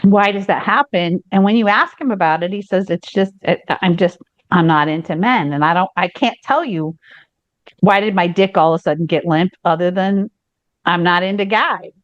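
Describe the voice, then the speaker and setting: A woman with a lowish voice speaks at a moderate pace, recorded with no echo and the highs cut off. Co-hosting a podcast, she tells stories in a candid, explicit, casual chat with many restarts.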